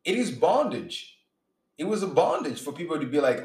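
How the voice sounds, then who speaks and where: A man's voice: fairly high pitch, sing-song, moderate pace, darkish tone. A man preaching informally, earnest and emphatic, often restarting his sentences and acting out his examples. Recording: roomy echo.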